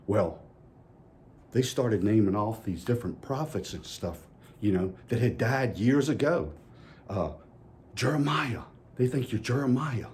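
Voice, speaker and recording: A man's voice: lowish voice, lively intonation, unhurried, long pauses, darkish tone, a little hiss or hum. A man giving a children's message at church in a folksy way, asking the kids playful questions. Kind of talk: children's sermon.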